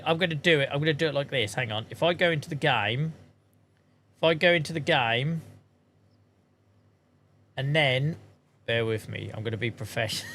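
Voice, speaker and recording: Brief: male game streamer, slightly high voice, loose chatty self-mockery. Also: sharp tone, slight background noise. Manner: chatty, self-mocking, swears casually. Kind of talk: casual livestream chat.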